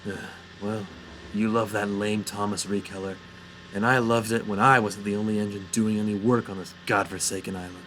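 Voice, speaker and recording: A man's voice: lowish voice, flat delivery, fairly quick, fairly bright tone, slight background noise, close to an everyday voice. A man voicing a rude, grumpy male train engine in a fan audio drama, with a sneering, dismissive way of talking. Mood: grumbling. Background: music.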